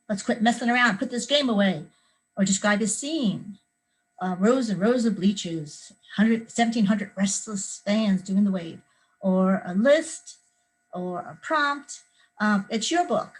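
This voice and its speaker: Animated woman teaching kids to write. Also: mid-range voice, rough recording. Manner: lively, acts out scenes with sound effects and screams. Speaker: children's author leading a writing workshop. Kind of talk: teaching kids creative writing.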